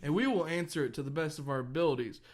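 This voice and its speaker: A man's voice: a little high, fast talker. A young man co-hosting a podcast, joking crudely, laughing often and slipping into put-on voices of others. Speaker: podcast co-host. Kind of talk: casual joking chat.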